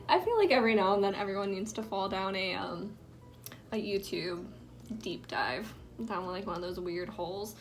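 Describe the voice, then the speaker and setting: A woman's voice: medium pitch, lively intonation, normal speed, slight background noise. A young woman chatting in a rambling, filler-heavy way while doing her makeup at home, sometimes dropping into a whisper. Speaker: vlogger. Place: indoors at home.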